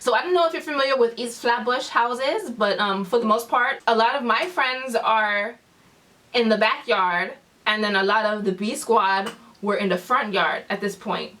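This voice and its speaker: A woman's voice: on the high side, normal speed, sharp tone. A young woman vlogger telling a story, acting out what her friends said. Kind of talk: storytime vlog. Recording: voice a bit far from the mic.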